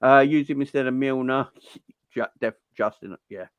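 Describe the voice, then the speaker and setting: A man's voice: medium pitch, moderate pace, clear, resonant tone, no echo, highs cut off. Chatty man hosting a livestream. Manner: chatty, gives shout-outs and reacts to viewers' comments. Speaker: host of a football fan livestream. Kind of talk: casual livestream chat.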